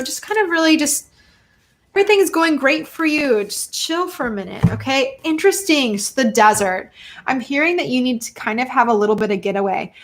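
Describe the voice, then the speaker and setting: An excitable woman hosting a live stream, with a voice that sits a bit above the usual for women. She chats loosely and bursts into gushing exclamations and laughter. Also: fairly high pitch. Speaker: host giving tarot readings. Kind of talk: casual live-stream chat.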